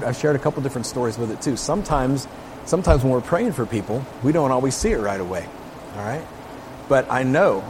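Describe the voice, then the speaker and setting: A man's voice: medium pitch, darkish tone, slight background noise. A man preaching in a casual, conversational way, reading scripture aloud with emphasis and often checking in with his listeners. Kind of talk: casual Bible teaching.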